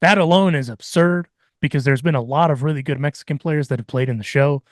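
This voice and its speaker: A man's voice: on the high side, fast talker, no echo, studio quality. A man hosting a podcast, talking in a reflective, casual way and slipping into Spanish phrases. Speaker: podcast host.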